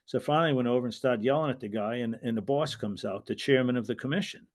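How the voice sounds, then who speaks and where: An older American man who used to referee wrestling speaks as an interview guest in a mid-range voice at a quick clip. He tells long, rambling stories, restarting often and acting out the voices of people he quotes.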